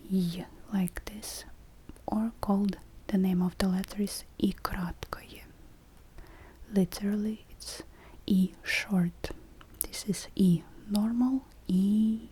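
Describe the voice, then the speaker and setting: A woman, teaching the alphabet in a soft whispered role-play, spelling letters slowly and deliberately. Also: medium pitch, steady tone, a little hiss or hum. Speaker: language teacher.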